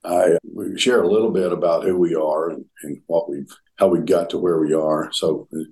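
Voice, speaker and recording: A very deep-voiced older man with a Southern US drawl, speaking as an interview guest. He tells his story earnestly, often stopping to restart a phrase. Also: fairly even intonation, a little mellow. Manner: earnest, halting with frequent restarts. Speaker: guest, former pastor.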